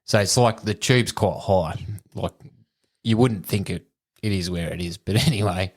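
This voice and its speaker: A man's voice: deep voice, normal speed. An Australian man, a podcast co-host, telling a crude story in casual chat and laughing through it.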